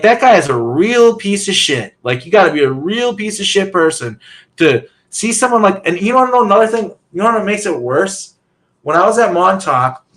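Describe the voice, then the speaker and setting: Male talk-show guest, bit high-pitched, angry rambling rant, profane. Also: fairly bright tone. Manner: agitated, profane, repeats "like".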